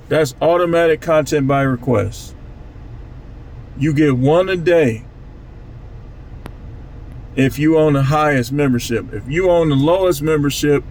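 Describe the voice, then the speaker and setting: Gravelly-voiced man vlogging from a car. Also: fairly high pitch, a little mellow, slight background noise, low-quality recording. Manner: loose, repetitive street-talk delivery. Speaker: channel host. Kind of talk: casual monologue vlog.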